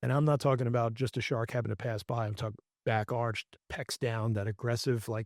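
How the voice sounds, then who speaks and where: A man's voice: mid-range voice, fairly even intonation, a little fast, hardly any pauses, no room sound, clean studio sound. A man hosting a casual fishing chat, telling rambling stories with frequent restarts and folksy phrasing. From Florida. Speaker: fishing podcast host.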